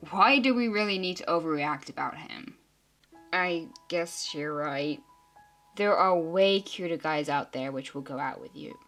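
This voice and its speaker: A woman's voice: on the low side, a bit bright. A woman voicing several teenage girls in an amateur drama, talking in an emotional, earnest and sulky way. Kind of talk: amateur teen drama acting.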